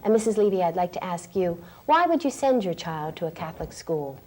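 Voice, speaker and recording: A woman hosting a 1980s television magazine program, reading prepared lines in a clear, measured way. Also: lowish voice, big pitch swings, darkish tone, a little hiss or hum. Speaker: program host. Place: 1980s TV studio.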